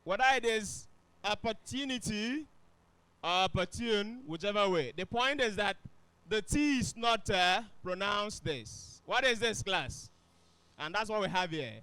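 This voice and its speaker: Teacher, male, high voice, dry close sound, keeps checking if the class follows. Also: animated, measured pace, sharp tone, clear, resonant tone, no room sound. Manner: questions the class often. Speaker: English teacher. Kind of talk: classroom lesson.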